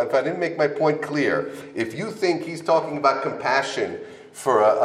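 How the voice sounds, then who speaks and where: A man's voice: medium pitch, fairly bright tone. A middle-aged man teaching a Torah class to young counselors, emphatic, repeating his key phrases and acting out both sides of an argument. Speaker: yeshiva teacher. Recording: roomy echo.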